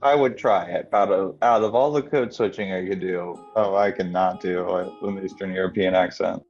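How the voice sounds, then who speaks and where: A man's voice: deep voice, steady tone, moderate pace, a little mellow, dull audio, faint music behind. A man joking around in a casual live stream chat, playful.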